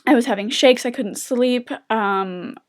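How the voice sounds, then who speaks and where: A young adult woman in a personal confessional monologue, speaking emotionally with halting restarts and pauses. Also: fairly high pitch. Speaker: vlogger sharing recovery story.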